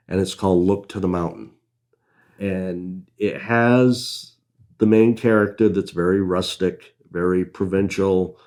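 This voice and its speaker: Man, low voice, slow delivery, talking through writing tips with relaxed asides. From New England, USA. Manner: unhurried storytelling with asides. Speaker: writing advice presenter. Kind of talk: casual talk on writing craft.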